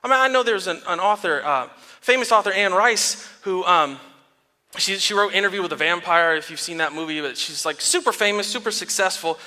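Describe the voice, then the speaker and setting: A man in his thirties, a pastor giving a sermon in a relaxed storytelling way, laughing often. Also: high voice, fairly quick. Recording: long reverb of a large hall.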